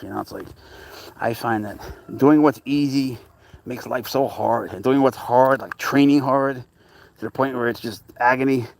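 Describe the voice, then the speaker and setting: Chatty man talking to his cat. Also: medium pitch. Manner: rambling, chatty, talks baby talk to his cat. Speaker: cat owner vlogger. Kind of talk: casual outdoor vlog chat. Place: outdoors by a lake.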